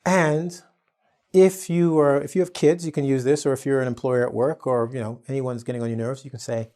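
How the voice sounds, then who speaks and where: A man's voice: medium pitch, steady tone, fairly quick, warm tone. A man from Canada teaching an online English lesson, playful and acting out exaggerated quotes.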